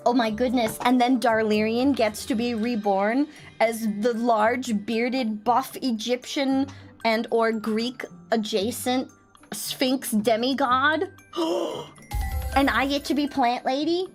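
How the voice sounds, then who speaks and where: A woman's voice: a little high, steady tone, slow pace, soft background music. A woman streamer chatting casually and playfully with her viewers, giggling often. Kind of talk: casual chat on a livestream.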